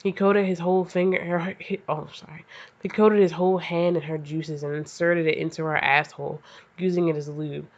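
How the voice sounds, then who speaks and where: A woman's voice: low-pitched, steady tone, moderate pace. A woman hosting a comedic fan fiction reading, stumbling over the text and breaking off into profane, self-mocking asides. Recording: slightly dull lo-fi audio.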